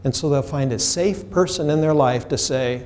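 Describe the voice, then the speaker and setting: An American man with a somewhat high voice gives an animated, direct seminar talk, quizzing and teasing the room. His voice shifts in loudness and speed as he drives each point home. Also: normal speed. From United States. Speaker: trainer presenting a seminar. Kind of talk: live seminar lecture to a room.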